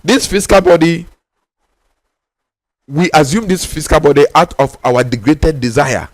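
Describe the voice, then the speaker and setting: A man's voice: on the high side, no room sound, studio quality. Emphatic Ghanaian man teaching spirituality. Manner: emphatic, repeats key lines for stress; insistent, drawn-out stressed words.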